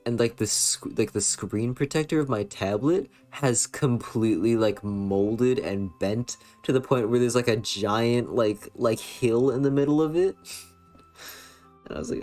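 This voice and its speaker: A man's voice: mid-range voice, a little slow, a little mellow, faint music behind. A young man with an American accent, chatting casually on a stream and answering chat in a rambling, playful way, full of fillers. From western United States.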